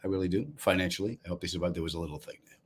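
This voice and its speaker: A man's voice: low voice, very fast, slightly rough. Male comedian with a Long Island accent, hosting a casual live stream; dry, wry delivery. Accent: Long Island New York. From Long Island, New York. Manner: wry, deadpan storytelling with asides to viewers. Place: apartment room, indoors.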